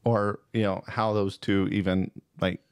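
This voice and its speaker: A man's voice: fairly low pitch, level tone, unhurried, smooth, no echo. A man co-hosting a casual movie review chat, rambling and hesitant with many fillers and restarts. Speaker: podcast co-host.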